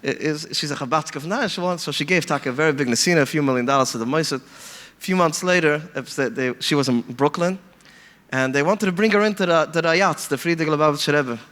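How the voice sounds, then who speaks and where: A man telling stories in an animated way, mixing in Yiddish phrases and acting out the people he quotes. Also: on the high side, fast talker, in a large hall. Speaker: podcast guest speaker. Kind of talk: storytelling talk.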